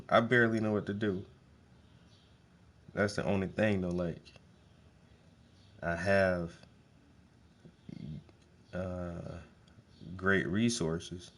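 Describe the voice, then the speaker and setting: A man with a low, deep voice talks in a loose, casual monologue. He is blunt and swears constantly, circling back on words to hammer a point home. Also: fairly even intonation, slow, pauses often. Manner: profane, blunt, emphatic, repeats words. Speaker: host.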